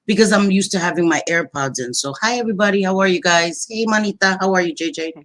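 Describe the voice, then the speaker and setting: A woman hosting a casual livestream, greeting viewers loudly and chattily with pet names like sweetie pie and baby girl. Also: on the low side, quick pace. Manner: loud, animated voice. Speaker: livestream host.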